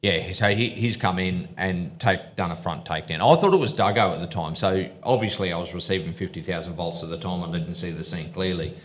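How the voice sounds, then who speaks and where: Deep-voiced cop storyteller. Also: male voice. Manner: halting, rambling with fillers. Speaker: podcast co-host, police officer. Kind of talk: storytelling at a live show.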